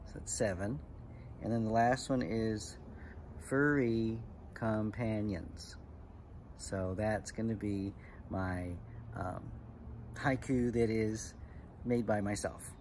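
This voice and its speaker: A man's voice: lowish voice, fairly even intonation, takes it slowly, a little mellow, slight background noise. A man working as a club instructor, giving a step-by-step lesson to children and explaining patiently with frequent ums. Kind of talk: slow step-by-step lesson for kids.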